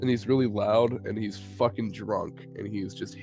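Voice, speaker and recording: A man's voice: fairly low pitch, steady tone, moderate pace, vocal fry, a little mellow, faint music behind. A young man rambling through a story in casual chat, swearing often and poking fun at himself. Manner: rambling, swears a lot, self-mocking. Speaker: co-host of a live stream.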